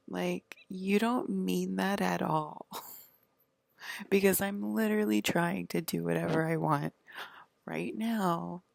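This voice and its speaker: Speaking slowly in a fairly even, lowish voice that's gravelly and slightly mellow, this woman vlogger rambles through a casual, swear-filled monologue. She uses "like" constantly and drifts at times into half-whispered stretches, all on a dry recording.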